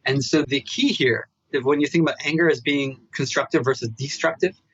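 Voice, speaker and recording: A man telling a story as a meditation researcher guest in a podcast interview. He talks in an animated way and keeps tagging his asides with "right?". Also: medium pitch, a little fast, breathy edge, highs cut off.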